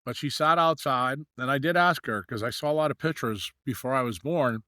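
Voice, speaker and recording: A man's voice: mid-range voice, a little fast, pushed and bright, dry recording, studio quality. A middle-aged man from New York, a podcast guest telling long anecdotes with many fillers and acted-out dialogue. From New York, USA. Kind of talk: storytelling in a podcast interview.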